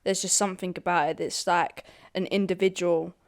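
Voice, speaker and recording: A young woman with a Scottish accent chats casually on a podcast, swearing freely and laughing often. Her voice is smooth and clear, recorded close and dry with no room sound. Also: fairly low pitch, level tone, brisk, dry recording. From Scotland. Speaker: podcast co-host. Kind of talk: casual chat.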